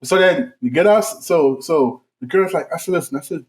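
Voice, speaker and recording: A man's voice: fairly high pitch, moderate pace, darkish tone. A man telling a funny story on a casual podcast, acting out other people's voices. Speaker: podcast co-host.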